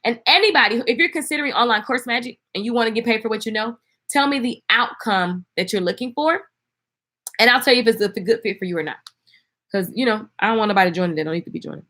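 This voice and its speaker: A woman's voice: a little high, fast, a bit bright. A woman hosting a casual livestream, chatty and laughing, talking straight to her viewers. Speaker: livestream host selling an online course. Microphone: phone.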